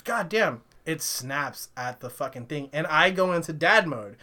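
A young man on a casual podcast, rambling through profane, animated stories. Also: on the high side, moderate pace. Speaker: podcast co-host. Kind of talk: casual chat.

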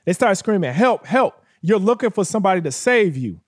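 A man's voice: sits high, sing-song, quick pace. A man co-hosting a podcast in casual chat, speaking passionately and addressing listeners directly in a motivational way. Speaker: podcast co-host.

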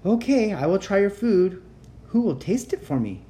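A woman's voice: mid-range voice, very animated, moderate pace, mellow, pitched above the performer's own voice, lightly acted. Woman reading as a polite homesick boy prince. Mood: curious. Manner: formal careful speech.

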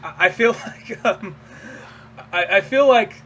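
A man's voice: sits high, unhurried, sharp tone, slight background noise. A man co-hosting a podcast, rambling in casual chat, laughing and swearing and acting out quotes. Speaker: podcast co-host.

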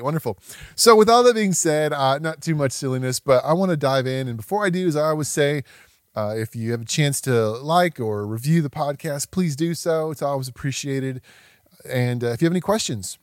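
A man's voice: fairly high pitch, no room sound, clean studio sound. A man in his thirties hosting a podcast, talking casually and animatedly, laughing often and poking fun at himself. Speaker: podcast host.

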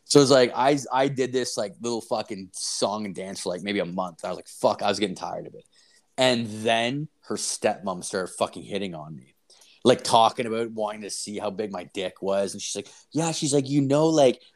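A man from Canada telling a casual story, swearing constantly in an animated, loud way. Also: on the low side, normal speed.

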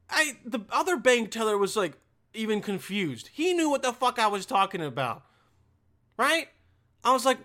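A young man from Bosnia telling a crude, exasperated comic rant, breaking into sudden high-pitched outbursts. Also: big pitch swings, moderate pace, sharp tone. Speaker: comedian. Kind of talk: stand-up style ranting monologue.

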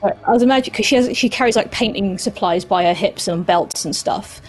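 A woman's voice: medium pitch, quick pace, soft background music. Woman player thinking aloud in a game. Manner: casual, thinking aloud with many "like"s. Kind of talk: describing her character's actions.

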